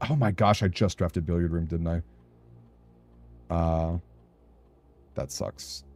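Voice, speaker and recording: A young man chatting casually while streaming a game, talking to his chat, self-conscious and quick to laugh. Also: deep voice, fairly even intonation, a little mellow, no room sound, faint music behind.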